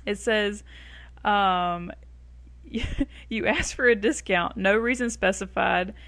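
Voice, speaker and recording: A woman's voice: medium pitch, takes it slowly, fairly bright tone, no echo. A woman co-hosting a casual talk show, who laughs often and reads items aloud. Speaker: co-host. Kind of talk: casual chat show banter.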